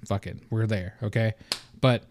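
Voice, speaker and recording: A young man hosting a casual solo podcast, venting in an animated, profane way and slipping into mock voices. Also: lowish voice, moderate pace. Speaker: podcast host.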